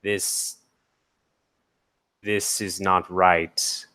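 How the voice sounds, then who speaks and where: A man voicing a grave, confused armored construct who speaks in slow, halting phrases. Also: low voice, flat delivery, bright, forceful tone, exaggerated voice. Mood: stricken.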